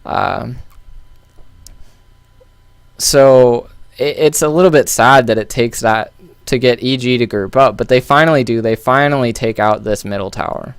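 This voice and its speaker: A man walks through a recorded match, talking loosely and often restarting his sentences. His voice is smooth and clear at a middle pitch. He sits close to the mic in a dry, dead room. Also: a little slow, dry recording. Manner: loose and thinking aloud, with many fillers and restarts. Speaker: game analyst. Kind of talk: casual game analysis commentary.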